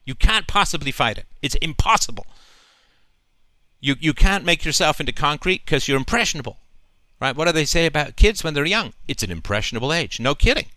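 A man's voice: a little high, very animated, a little fast, sharp tone, dry recording. A male host talking emphatically in a long, flowing monologue, often checking in with "right?". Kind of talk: call-in conversation.

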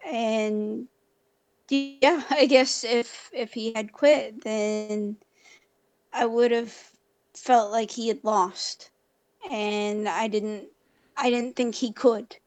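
Woman caller, slightly high voice, slow and halting, dry close sound. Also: steady tone, darkish tone, no room sound. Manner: hesitant, halting, many fillers. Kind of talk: call-in conversation.

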